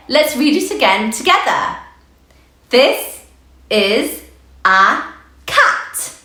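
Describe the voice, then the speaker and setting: A woman teaching young children to read, speaking in a slow, sing-song, encouraging way and sounding out letters one by one. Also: fairly high pitch, big pitch swings, sharp tone, reverberant. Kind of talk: children's phonics lesson.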